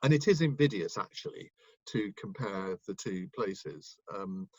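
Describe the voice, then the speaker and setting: Husky man reminiscing, dull dry sound. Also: sits low, animated, unhurried, a little mellow, dry recording. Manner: rambling, with many ums and restarts. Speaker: guest, broadcaster and author. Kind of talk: casual interview reminiscence.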